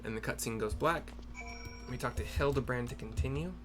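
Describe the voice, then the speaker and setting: A man's voice: medium pitch, a little fast, over music. A man casually narrating a game for listeners, rambling and correcting himself with chatty asides. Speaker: game narrator and audio describer.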